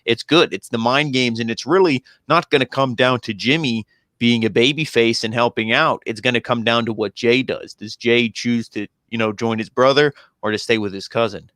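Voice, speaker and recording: A man's voice: mid-range voice, moderate pace, a bit bright, no room sound, clean studio sound. A man chatting casually as a wrestling show reviewer, opinionated and full of conversational fillers. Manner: opinionated, conversational, lots of "you know". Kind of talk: casual podcast chat.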